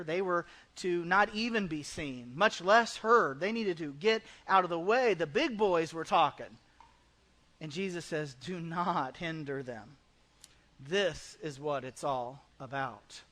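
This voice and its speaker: A pastor preaching a conversational sermon in a church, now and then acting out the people in the story. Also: male voice, a little high, a little slow, a bit bright. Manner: conversational preaching, acts out quoted voices. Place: church sanctuary.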